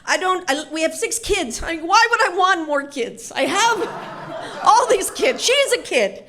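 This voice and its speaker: A woman's voice: very high voice, big pitch swings, measured pace, a bit bright, a little hiss or hum, voice pushed up, heavily acted. A woman voicing a flustered middle-aged father who rambles and pleads that he is innocent. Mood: exasperated. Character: exasperated, oversharing middle-aged father pleading his case.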